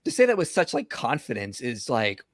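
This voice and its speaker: A man hosting an apologetics livestream, talking in animated bursts with fillers as he comments on a video. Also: medium pitch, dry recording, studio quality. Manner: animated, rushes ahead in bursts, many fillers.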